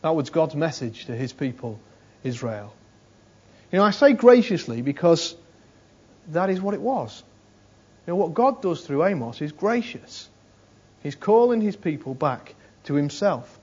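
A man's voice: on the high side, sing-song, measured pace, darkish tone, breathy edge. A man preaching a conversational sermon, repeating phrases for emphasis and often saying "you know". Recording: dull lo-fi sermon recording.

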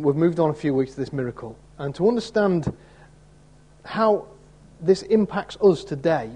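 A man's voice: on the high side, dark tone, husky. A man preaching an expository sermon in a conversational way, often turning statements into questions for his listeners. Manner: conversational, asks listeners rhetorical tag questions; acts out quoted voices in the story.

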